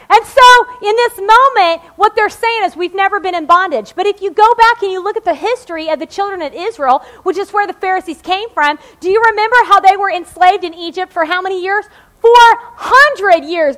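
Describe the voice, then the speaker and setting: A woman's voice: extremely high pitch, a bit bright. A woman in her forties preaching a sermon in a chatty, joking way, often checking in with the congregation. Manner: conversational and joking, checks in with "okay?".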